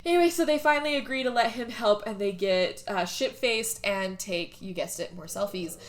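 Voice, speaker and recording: A woman's voice: mid-range voice, normal speed. A woman hosting a podcast, casually recapping a movie, laughing often and swearing freely. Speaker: podcast host.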